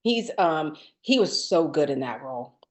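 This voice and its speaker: A woman's voice: low voice, big pitch swings, moderate pace. Chatty woman co-hosting a casual podcast. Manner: chatty, many fillers and restarts. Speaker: podcast co-host. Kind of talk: casual chat.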